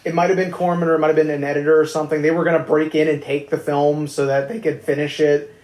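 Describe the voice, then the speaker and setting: A man's voice: on the high side, level tone, fast talker, a little mellow. A man hosting a podcast interview, asking long, hesitant questions with fillers. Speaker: podcast host. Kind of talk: casual interview chat. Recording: echoey room.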